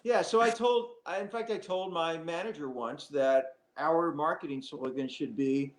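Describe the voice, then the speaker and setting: A middle-aged man, an actor, chatting as an interview guest in a lively, playful way. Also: on the high side, normal speed, few pauses, roomy sound. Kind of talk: casual interview chat.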